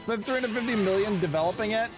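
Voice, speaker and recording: A young man streaming a video game tournament, commentating with excited exclamations, laughter and quick character voices. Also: high voice. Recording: game music playing behind.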